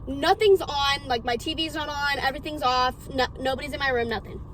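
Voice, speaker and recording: A young woman vlogger telling a scary story in a casual, excitable way, swearing often and retelling it dramatically. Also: high voice, fairly quick, slight background noise. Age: young adult.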